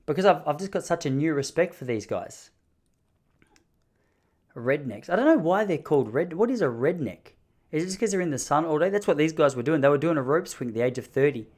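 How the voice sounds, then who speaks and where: A young adult man hosting a podcast, telling a story casually in an animated, jokey way. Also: on the high side, brisk. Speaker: podcast host.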